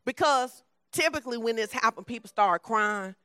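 A woman preaching a conversational sermon, blunt and emphatic, at times dropping soft and low. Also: expressive, moderate pace, clear, resonant tone, no room sound.

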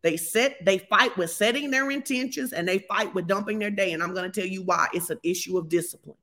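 A middle-aged woman pastor preaches with a bright, forceful voice. She is animated and emphatic, and she repeats her key lines for effect. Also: mid-range voice, a little fast, few pauses. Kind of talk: sermon.

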